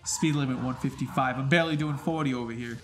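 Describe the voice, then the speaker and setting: A man's voice: mid-range voice, fairly even intonation, fast. A young man playing a racing game, frustrated and swearing at it as he plays. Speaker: gamer playing on stream. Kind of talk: gaming commentary. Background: game music.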